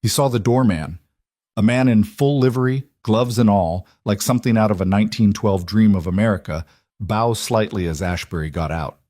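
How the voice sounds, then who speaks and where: Male narrator for an audio story, low and steady, bone-dry close recording. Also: normal speed, no echo.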